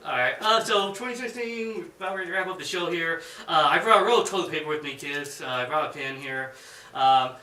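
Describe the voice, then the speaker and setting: A man's voice: fairly high pitch, fairly quick, bright, forceful tone. A man hosting a casual panel chat, laughing often and joking loosely. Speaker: podcast host. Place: bathroom. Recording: echoey bathroom from far off, faint noise.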